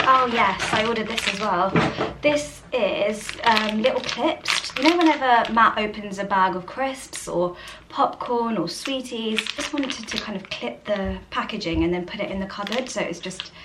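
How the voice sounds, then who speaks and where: A woman chatting casually to the camera in a home vlog, rambling and soft-spoken. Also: fairly high pitch, measured pace, very noisy. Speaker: vlogger. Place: home interior.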